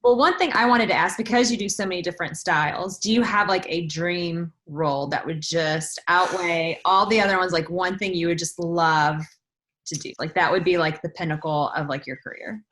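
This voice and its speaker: Halting lower-voiced woman podcast host. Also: a bit bright. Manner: hesitant, halting questions. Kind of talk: interview questions.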